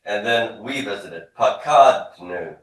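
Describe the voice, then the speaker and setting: Lower-voiced male teacher in an echoey classroom. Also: measured pace, far from the mic, a crowd in the background. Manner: explanatory, repeats words, drills forms aloud. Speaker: Hebrew instructor. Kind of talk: classroom lecture.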